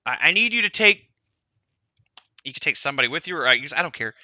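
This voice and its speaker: A man's voice: fairly high pitch, big pitch swings, quick pace, sharp tone, no room sound, exaggerated voice. A man voicing a fussy, hesitant young halfling clerk.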